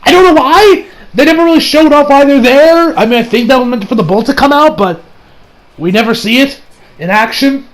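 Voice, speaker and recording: A man with a notably high-pitched voice talks through an anime episode he just watched. His recap is casual and excitable, full of restarts and casual swearing. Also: brisk, rough recording. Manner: excitable and rambling, swears freely, restarts sentences.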